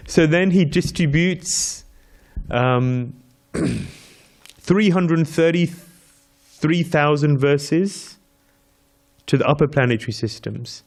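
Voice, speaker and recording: A man's voice: a little high, takes it slowly, long pauses, darkish tone. A man giving a devotional scripture class, telling a story with repeated counting and chanting Sanskrit verses, laughing lightly with his listeners. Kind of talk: devotional lecture.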